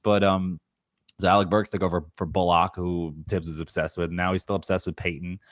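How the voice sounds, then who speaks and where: A man's voice: sits low, flat delivery, a little fast, no echo, clean studio sound. A man co-hosting a podcast in casual sports chat, rambling with frequent laughs and restarts. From New York area. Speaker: podcast co-host.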